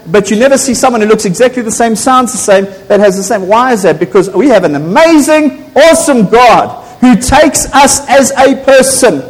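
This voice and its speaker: A man in his forties with a South African accent, preaching a sermon, rising to animated declarations and stumbling over repeated words. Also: extremely high pitch, moderate pace, few pauses. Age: 40s. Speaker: pastor. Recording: long church reverb.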